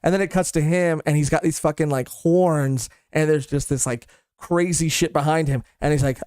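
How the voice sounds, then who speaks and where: A man's voice: fairly high pitch, fairly even intonation, moderate pace, a little mellow, smooth, dry recording, studio quality. A young man co-hosting a podcast, chatting casually and rambling with restarts and cursing. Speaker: podcast co-host. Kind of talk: casual chat.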